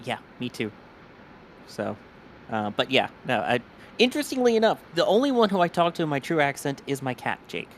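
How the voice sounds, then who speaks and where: Man, softened north jersey accent, livestream co-host, joking banter, faint outdoor hum behind. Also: mid-range voice, very animated, a little fast. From New York, New Jersey border. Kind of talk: casual live commentary.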